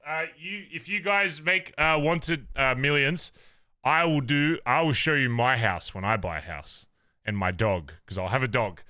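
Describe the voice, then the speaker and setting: A man's voice: a little high, dry recording. A young Australian man with an Australian accent, chatting casually and swearing as he rants playfully to his stream viewers. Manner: animated, swearing, ranting playfully. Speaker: livestreamer.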